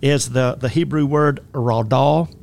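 A man's voice: mid-range voice, normal speed. A man with a Southern drawl hosting a faith-based talk radio show as a life coach, folksy and rambling, with many fillers and restarts.

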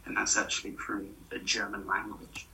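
Low gravelly man with a light West Country accent. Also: little pitch movement, moderate pace, pushed and bright, a little hiss or hum, poor audio. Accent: light West Country English. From West Country of England. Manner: explanatory, hesitant with ums, reads from notes. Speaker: guest explaining accents. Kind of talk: casual conversation.

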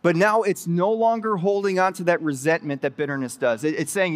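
A man with a high, bright-pitched voice preaches a sermon, retelling a parable in a loose, conversational way that jumps up into excited asides. His voice carries a long reverb, as if from a church auditorium. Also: a little fast, few pauses. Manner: conversational, animated storytelling with rising excited asides. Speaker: pastor. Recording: reverberant hall.

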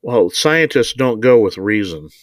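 A man's voice: fairly low pitch, animated, unhurried, no room sound, clean studio sound. A man hosting a podcast, reading from a novel and commenting with indignant rhetorical questions. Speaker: podcast host.

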